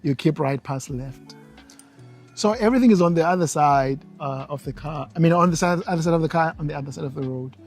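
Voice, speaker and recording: South African man, lively storytelling chat. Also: on the high side, brisk, faint music behind. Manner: mixes English with Xhosa, animated when retelling stories. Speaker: co-host, husband. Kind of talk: casual chat.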